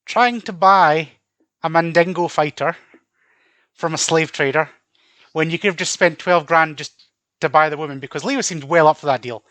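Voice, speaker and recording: A man co-hosting a casual film podcast, blunt and quick to argue. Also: fairly high pitch, fairly bright tone, no echo. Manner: blunt, argumentative. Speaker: podcast co-host.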